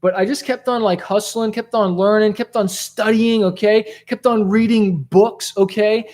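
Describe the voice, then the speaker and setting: A man with a notably high-pitched voice gives a motivational talk straight to the camera, animated and conversational. He keeps dropping "like" and "okay?" as he tells stories from his past. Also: normal speed. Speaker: rap rock musician giving motivational talk.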